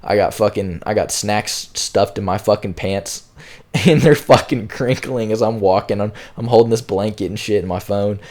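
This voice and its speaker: Young dude w a low voice rambling thru a wild story, tons of likes n slang. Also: male voice, moderate pace, darkish tone. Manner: rambling and slangy, heavy on filler words. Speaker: storytime YouTuber. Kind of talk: casual storytelling.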